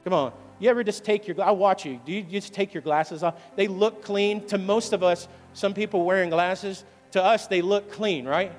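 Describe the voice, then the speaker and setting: A man preaching a sermon as pastor, calling out questions to the congregation and urging them on. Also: high-pitched. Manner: call-and-response preaching, asks the congregation questions. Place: church sanctuary. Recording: long hall reverb with faint music.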